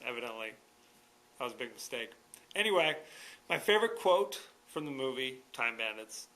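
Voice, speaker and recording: A man's voice: medium pitch, pushed and bright, poor audio. A man hosting his own podcast, talking casually and wryly on his own. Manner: chatty and wry, with dry jokes. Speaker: podcast host reviewing films. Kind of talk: casual solo podcast monologue.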